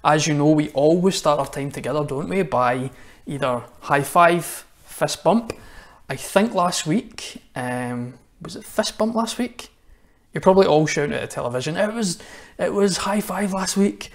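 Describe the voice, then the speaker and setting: A man's voice: a little high, animated, normal speed. Scottish man, chatty children's address for an online church service, friendly and direct. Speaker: church minister.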